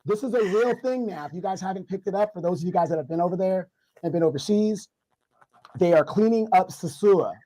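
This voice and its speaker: A man with a congested, hoarse voice, guesting on a livestream discussion and ranting in mock outrage. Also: high-pitched, a little fast, mellow, poor audio. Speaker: guest commentator.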